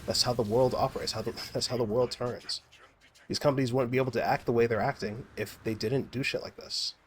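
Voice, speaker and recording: A young gaming streamer rambles through profane commentary while playing a game, restarting his sentences many times. His mid-range voice is brisk and steady in tone, with a little hiss or hum in the background.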